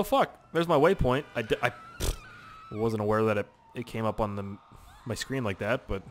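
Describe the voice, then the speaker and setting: A man's voice: mid-range voice, fairly bright tone. A young man with a Canadian accent giving casual, rambling gameplay commentary, chatty and sweary, with lots of fillers and repeats. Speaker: gaming channel host.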